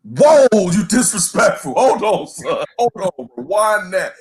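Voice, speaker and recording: A man's voice: sits high, very animated, measured pace, husky. A man co-hosting a sports talk show, cutting in with playful, teasing remarks and questions. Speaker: co-host. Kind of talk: casual chat.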